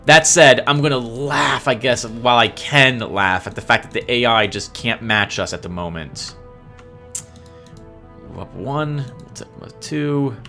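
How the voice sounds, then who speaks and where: A man's voice: medium pitch, animated, unhurried, gravelly, sharp tone, faint music behind. A man giving chatty gameplay commentary as host, laughing often and sounding sheepishly apologetic. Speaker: let's play host.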